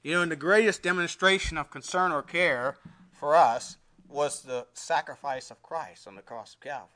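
A male pastor preaching a sermon, reading scripture aloud and swinging between emphatic rises and quiet, dropped endings. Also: on the high side, normal speed. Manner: preaching with scripture readings in King James wording.

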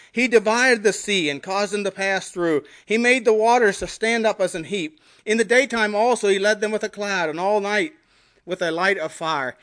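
A male pastor preaching a sermon, reading scripture aloud and swinging between emphatic rises and quiet, dropped endings. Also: high voice. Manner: preaching with scripture readings in King James wording.

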